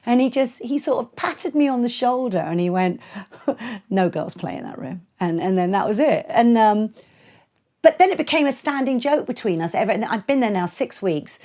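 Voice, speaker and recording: A middle-aged woman, a DJ and producer, telling stories in a podcast interview with blunt, animated delivery, acting out quotes and laughing often. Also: fairly high pitch, moderate pace. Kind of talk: candid storytelling in a podcast interview.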